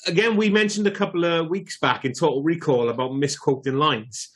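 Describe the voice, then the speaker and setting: A man's voice: a little high, a little fast, fairly bright tone. A man in his forties co-hosting a podcast, chatting casually with restarts and the odd swear. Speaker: podcast co-host. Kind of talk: casual chat.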